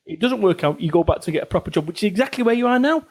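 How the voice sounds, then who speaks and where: A high, animated man's voice races along. He's in his forties, from Salford in Northern England, and he's a business author guesting on a podcast, chatting casually in an interview, speaking bluntly, swearing freely and repeating phrases for emphasis.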